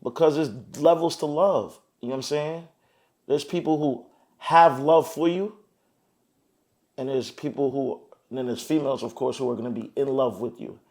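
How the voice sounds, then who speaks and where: Mellow-voiced streetwise New Jersey man. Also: medium pitch, normal speed. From Teaneck, New Jersey. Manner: streetwise, keeps asking "you feel me"; animated storyteller, acts out quotes. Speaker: podcast guest. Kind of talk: casual chat.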